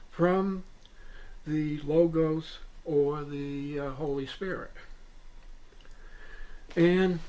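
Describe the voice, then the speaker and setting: A man with a somewhat high voice talks in an interview. He tells his account in an earnest, wandering way, often breaking off and restarting. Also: poor audio. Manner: earnest, meandering, hesitant restarts. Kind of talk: rambling first-person account. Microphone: VHS interview recording.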